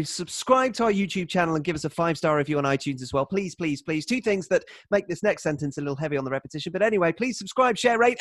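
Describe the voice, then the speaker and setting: Man hosting a podcast, wry, rapid, high voice, dry close sound. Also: dry recording. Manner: wry, quick banter. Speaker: podcast host. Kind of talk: casual podcast chat and outro.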